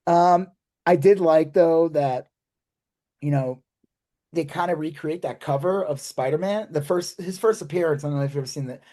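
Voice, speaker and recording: Mellow-voiced man in casual chat. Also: fairly high pitch, normal speed. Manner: loose, swears casually, trails off mid-sentence. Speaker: podcast co-host.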